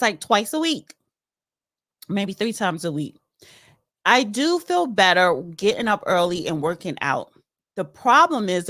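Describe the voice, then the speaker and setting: A woman's voice: mid-range voice, fairly bright tone, dry recording. Chatty opinionated woman, dry. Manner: chatty, opinionated, reads articles aloud with asides. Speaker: political commentary host. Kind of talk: casual solo commentary, reading news aloud.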